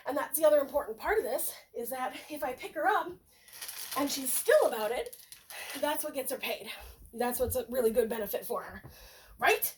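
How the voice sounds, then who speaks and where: A woman with a high voice talks through a dog-training session in a loose, conversational way. She explains each step and now and then switches to cheerful sing-song praise for the puppy. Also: expressive, normal speed, a little hiss or hum. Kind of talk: casual training demonstration.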